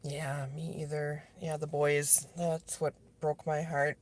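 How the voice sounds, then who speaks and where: A woman's voice: deep voice, flat delivery, slow, darkish tone. A woman livestreaming, talking bluntly to her viewers and answering their comments by name. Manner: blunt and profane; talks straight to viewers by name. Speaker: vlogger. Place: at her workplace.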